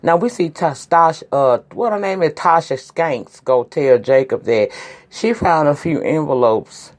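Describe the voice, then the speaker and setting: A woman's voice: low voice, expressive, unhurried, darkish tone. A woman sick with a sinus infection gives a casual, folksy recap of a TV episode, talking straight to her viewers. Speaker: TV show reviewer. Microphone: audio-only podcast style recording.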